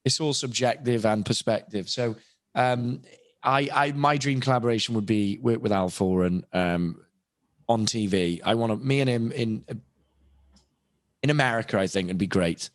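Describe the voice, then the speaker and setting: A man's voice: mid-range voice, normal speed, dry recording, clean studio sound. A young British man with a British accent, a voice actor and impressionist chatting on a podcast in a rambling, self-deprecating way with many restarts. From Britain. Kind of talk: casual podcast chat.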